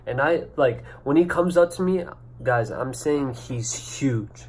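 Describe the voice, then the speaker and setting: A young man telling a story to camera in a casual, excited, rambling way, full of "like" and "you know", recorded on a camera mic indoors. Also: mid-range voice, takes it slowly, slightly rough. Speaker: vlogger.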